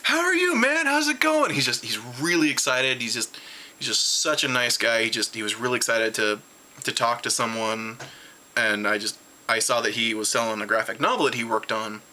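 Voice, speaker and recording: A tired man at home, rambling excitedly through a casual convention recap with lots of restarts. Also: moderate pace. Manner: jumps high in pitch when retelling his reactions. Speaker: vlogger reviewing a convention.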